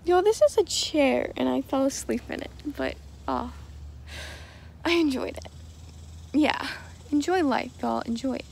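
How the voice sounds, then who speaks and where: A woman's voice: high-pitched, lively intonation, unhurried, creaky, pauses often, a little mellow, a little hiss or hum. A young woman, chatting casually and upbeat in a vlog about her day. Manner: upbeat and chatty, drops y'all often. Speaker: vlogger.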